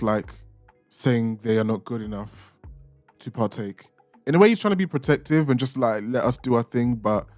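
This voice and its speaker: A young man hosting a reaction channel, casually ranking film characters with playful, opinionated jabs. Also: mid-range voice. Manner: chatty, opinionated, playfully insulting.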